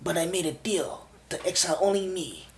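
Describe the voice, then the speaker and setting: A woman playing an earnest, homesick exiled man who speaks softly and hesitantly in a tabletop role-play. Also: fairly low pitch, a little fast, crowd noise, lightly acted. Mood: wistful.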